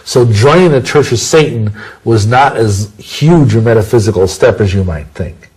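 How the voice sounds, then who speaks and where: Man, low husky voice, rambling interview answers, folksy sayings, frequent restarts. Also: animated, moderate pace, darkish tone, rough recording. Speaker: interview guest. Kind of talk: conversational interview testimony.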